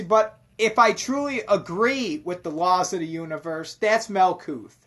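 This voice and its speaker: A man's voice: sits high, fairly bright tone. A man explaining mystical ideas in a casual, rambling monologue, swearing constantly and emphatically.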